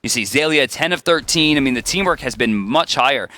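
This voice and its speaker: A man's voice: mid-range voice, lively intonation, fairly quick, bright, forceful tone. A man giving color commentary on an esports match in chatty, joking banter. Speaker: esports analyst.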